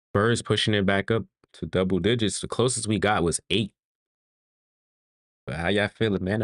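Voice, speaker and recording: Excitable man calling a game live. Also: lowish voice, dry recording, clean studio sound. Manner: excitable, talks to the players and chat, laughs often. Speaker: fan watch-along host doing play-by-play. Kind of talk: casual live play-by-play commentary.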